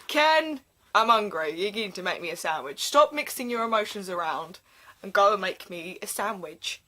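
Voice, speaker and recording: A woman's voice: medium pitch, animated, moderate pace, pushed and bright, a little hiss or hum. A woman voicing a bratty young Swedish man in a cartoonish kid-like voice, mocking and exaggerated.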